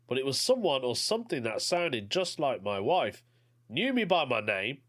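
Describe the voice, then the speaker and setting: A man's voice: mid-range voice, fairly bright tone. A man hosting a podcast, reading out a listener's story and chatting about it in an offhand way. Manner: chatty, offhand, says mate. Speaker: podcast host.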